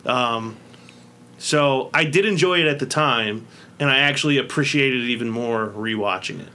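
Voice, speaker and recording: Male podcast co-host, bright and sharp-toned, easygoing and chatty. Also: medium pitch, moderate pace. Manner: chatty, laughs often. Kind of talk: casual chat.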